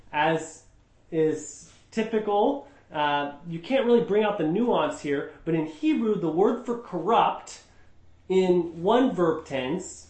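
A man's voice: fairly high pitch, a little mellow. A man teaching a group Bible study, emphatic and explanatory, often asking rhetorical questions. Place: indoor room with a group. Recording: echoey room.

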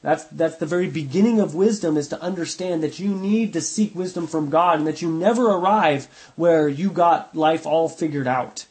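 A man with a fairly high voice leads a Bible study. He reads passages aloud and then explains them in an easy, conversational way. He circles back to the same points and often corrects himself mid-sentence. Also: moderate pace, hardly any pauses, darkish tone, rough recording. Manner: conversational, repeats for emphasis, self-correcting. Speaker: Bible teacher.

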